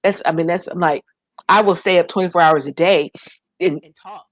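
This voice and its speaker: A woman from the United States telling her story in an interview, animated, acting out quoted voices and fighting back tears. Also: lowish voice, brisk, dry recording. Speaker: guest, nonprofit founder.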